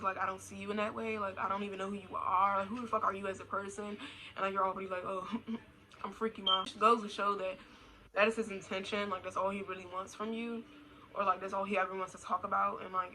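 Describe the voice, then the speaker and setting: A woman's voice: medium pitch, sharp tone, a little hiss or hum, rough recording. A young adult woman talking casually in a blunt, slangy, profane way, repeating her points for emphasis. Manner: repetitive, emphatic. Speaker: vlogger. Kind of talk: casual rant.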